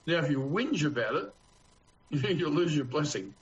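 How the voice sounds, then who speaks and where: Australian pastor preaching on dull audio. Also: male voice, on the high side, animated, moderate pace. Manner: rhetorical questions, earnest and homely. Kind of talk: conversational sermon. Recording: dull, lo-fi sound.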